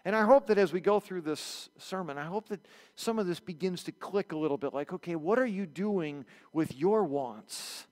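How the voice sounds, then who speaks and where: High-voiced pastor preaching in a reverberant church. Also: male voice, moderate pace. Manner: animated storytelling, acts out quotes. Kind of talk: sermon. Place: church sanctuary.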